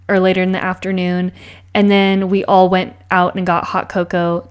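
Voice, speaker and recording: A young woman telling a chatty, gushing vlog story with many fillers. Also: on the low side. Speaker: planner vlogger. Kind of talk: casual vlog voice-over.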